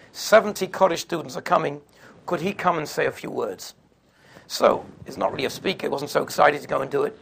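A man's voice: fairly high pitch, creaky, fairly bright tone, husky. A man giving a sermon, telling stories in a conversational way. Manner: conversational, sprinkles in Yiddish and Hebrew terms. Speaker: religious speaker. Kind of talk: storytelling sermon.

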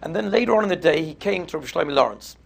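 Husky, slightly high male rabbi, animated sermon storyteller. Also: fast talker. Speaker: rabbi giving a Torah talk.

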